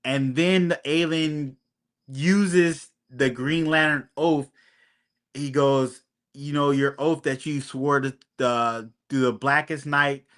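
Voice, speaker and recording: A man's voice: a little high, steady tone, slow, fairly bright tone. A man on a podcast casually recapping a TV episode, acting out the characters' lines as he retells them, with frequent ums. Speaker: podcast co-host.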